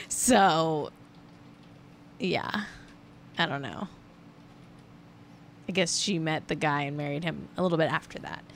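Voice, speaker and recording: A woman's voice: mid-range voice, fairly bright tone, slight background noise. A woman hosting a casual celebrity gossip stream, chatty and rambling, breaking into sing-song riffs. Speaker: host.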